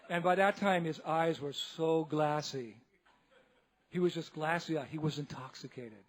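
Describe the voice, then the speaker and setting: A man, a monk, giving a humorous storytelling lecture in a temple, animated and laughing often as he acts out the people in his tale. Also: fairly high pitch, measured pace. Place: temple hall.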